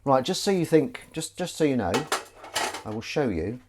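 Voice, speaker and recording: This livestream host chats away as he does the washing up, making fun of himself and tossing in casual swearing. He has a mid-range, very animated voice at a moderate pace, set against a noisy background.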